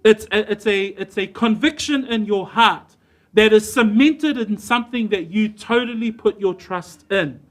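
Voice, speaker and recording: A male preacher delivers a church sermon in a notably high voice. He talks earnestly and emphatically, slowing down to stress the words he wants to land. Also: fairly bright tone. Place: church service.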